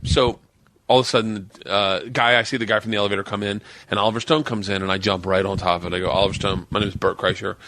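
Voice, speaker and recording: A man in his forties, appearing as a guest on a podcast, tells a story at a quick clip in a lowish voice. He's an animated storyteller who swears freely and acts out what other people said.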